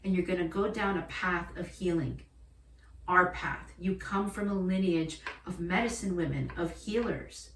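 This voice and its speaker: A woman voicing the spirit of her late grandmother, an older woman who speaks in a soft, hushed, earnest way. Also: on the low side, a little slow, a little hiss or hum, natural voice. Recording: roomy, distant from the mic.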